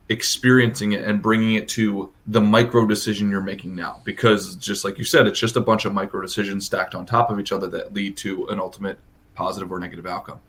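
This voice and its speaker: A man's voice: fairly low pitch, fairly bright tone. A man hosting a podcast, making his points in an emphatic, motivational way and swearing for emphasis. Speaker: podcast host. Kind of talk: casual chat. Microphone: podcast studio microphone.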